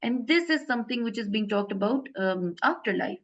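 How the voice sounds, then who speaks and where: A woman's voice: a little high, lively intonation, a little fast, highs cut off. A woman teaching an Arabic grammar lesson in a casual, hesitant way, full of fillers and self-corrections.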